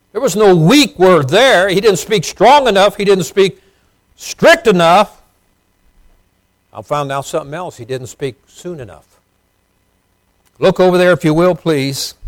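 A middle-aged man preaching a sermon as pastor, swinging between loud emphasis and quiet asides. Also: fairly high pitch, no echo.

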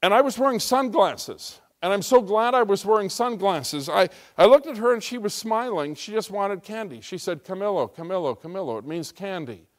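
A man's voice: high voice, expressive, moderate pace, hardly any pauses. A middle-aged American man preaching a sermon as pastor, telling a story with emphatic rising intensity. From United States.

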